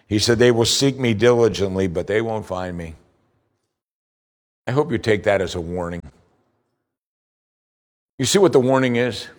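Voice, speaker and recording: Preaching earnestly, this man drives his points with rising emphasis. He takes the scripture readings at a slow, deliberate pace.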